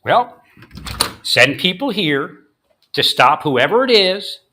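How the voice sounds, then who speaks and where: A man's voice: high-pitched, big pitch swings, takes it slowly, bright, forceful tone. A man delivering a confrontational monologue, angrily ranting at unseen opponents. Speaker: vlogger.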